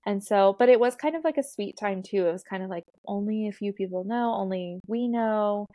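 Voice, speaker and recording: A doula in her thirties, guesting on a podcast, tells her birth story chattily, laughing often and using fillers. Her mid-range voice is mellow and a little fast, in a studio-quality recording without echo.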